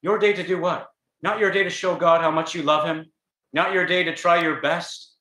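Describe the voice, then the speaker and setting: Urgent preacher in an echoey tent. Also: male voice, a little high, fairly even intonation, moderate pace, sharp tone. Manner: earnest, urgent rhetorical questions. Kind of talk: gospel sermon. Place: large tent.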